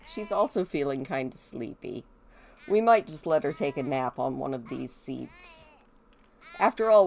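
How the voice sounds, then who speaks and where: A woman with a stuffy, congested nose gives relaxed gameplay commentary. Her voice sits fairly low, and she speaks slowly, chatting to the characters on screen as she plays. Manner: chatty, talks to game characters. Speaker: gameplay video host.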